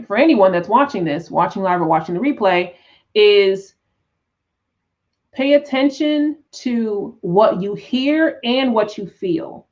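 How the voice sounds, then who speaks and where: A woman teaching tarot on a live stream, talking in an unhurried, reflective way with frequent restarts and "right?" check-ins. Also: medium pitch, highs cut off. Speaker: tarot teacher and spiritual coach.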